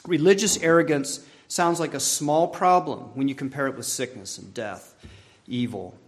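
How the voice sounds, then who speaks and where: A man preaching a sermon as pastor, earnest and measured, lifting for emphasis and letting phrases fall soft at the end. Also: a little high.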